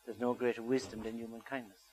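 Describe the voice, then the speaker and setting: A man's voice: medium pitch, little pitch movement, fast, darkish tone, rough recording. An older man giving a storytelling talk to an audience, asking them questions as he goes. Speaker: speaker.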